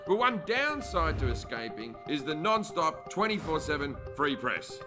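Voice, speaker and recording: A man in his forties with an Australian accent, doing a blunt, profane stand-up set in a deadpan way. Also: a little high, moderate pace, music in the background. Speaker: stand-up comedian. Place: comedy stage before an audience.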